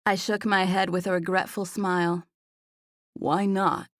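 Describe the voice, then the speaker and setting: A woman narrating a first-person romance audiobook in an even storytelling voice, recorded in a studio. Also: on the low side, moderate pace, no echo.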